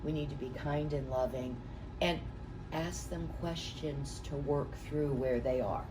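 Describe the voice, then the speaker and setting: A middle-aged woman leads a training class in a chatty, anecdotal way, with a somewhat low voice. She is picked up from a distance, with clear background noise in the room. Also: unhurried. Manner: folksy, anecdotal, chatty storytelling. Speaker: real estate trainer.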